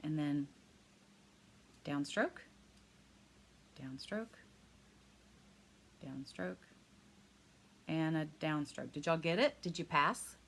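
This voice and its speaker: A woman teaching a live hand-lettering class online. She talks fast and excitedly, chatty and encouraging, and laughs often. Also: low voice, a little hiss or hum. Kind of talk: live online craft lesson.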